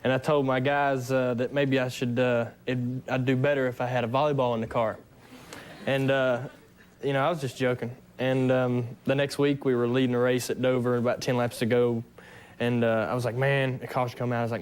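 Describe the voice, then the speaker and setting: A young man, a guest on a late-night talk show, telling stories in a relaxed, easygoing way with lots of fillers. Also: medium pitch, a little fast, slight background noise. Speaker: talk show guest, race car driver.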